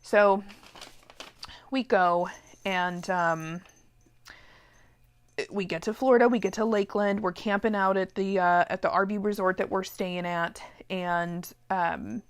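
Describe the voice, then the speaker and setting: A middle-aged woman who teaches sewing, telling a personal story in a chatty, animated way with many asides. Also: medium pitch, measured pace, long pauses, clean tone. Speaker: sewing teacher and shop owner. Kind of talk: casual storytelling vlog. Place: warehouse room.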